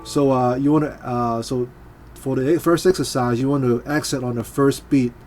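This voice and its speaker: Man, guitar teacher, casual, hesitant, counts beats aloud, mid-pitched voice, loud guitar behind. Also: steady tone, normal speed. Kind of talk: casual instructional talk. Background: guitar playing.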